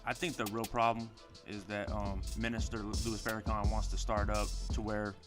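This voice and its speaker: A man in casual conversation, talking in a quick, laid-back and agreeable way. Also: on the low side, little pitch movement, music in the background.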